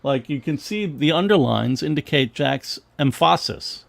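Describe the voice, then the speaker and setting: A middle-aged man with a gravelly voice that rises and falls freely. He chats casually about comic pages, restarting sentences and laughing often. The sound is dry and close. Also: fairly high pitch, animated, measured pace, no room sound. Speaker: co-host of a comics history show. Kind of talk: casual livestream chat about comic art.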